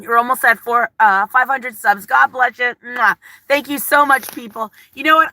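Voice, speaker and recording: A woman hosting a casual livestream, rambling warmly and openly nervous as she reads viewer comments aloud. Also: a little high, moderate pace. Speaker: livestream vlogger. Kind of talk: casual live-chat talk.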